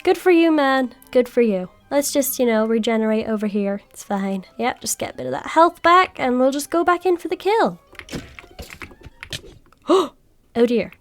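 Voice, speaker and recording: High-voiced excitable gaming woman. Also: moderate pace, faint music behind. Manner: chatty and excitable, squeals when startled. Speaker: gaming video creator. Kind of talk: gameplay commentary.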